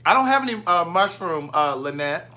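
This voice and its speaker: A man's voice: high voice, expressive, normal speed, bright, forceful tone, a little hiss or hum. A man, chatting casually from his home kitchen as a vlogger, playfully answering viewer comments. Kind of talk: casual live chat with viewers.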